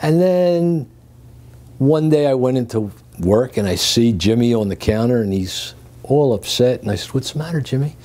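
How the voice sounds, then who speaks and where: As an interview guest, an older man from Greece chuckles his way through lively stories about his career. He speaks in a mid-range voice, a little slowly.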